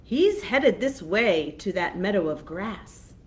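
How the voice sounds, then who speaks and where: A woman voicing a tiny, timid billy goat who pleads in a shaky, very high voice for a storybook reading. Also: animated, slow pace. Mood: pleading.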